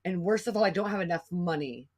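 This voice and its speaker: A woman's voice: on the low side, fast, darkish tone, husky. A middle-aged woman hosting a podcast, talking in an emotional, rambling way and swearing freely. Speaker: podcast host. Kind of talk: casual podcast conversation.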